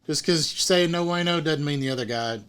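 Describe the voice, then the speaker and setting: This middle-aged podcast host has a slightly high voice with a clear, resonant tone, and he talks fairly quickly. He tells a story in casual chat as an animated narrator, acting out the voices of the people in it.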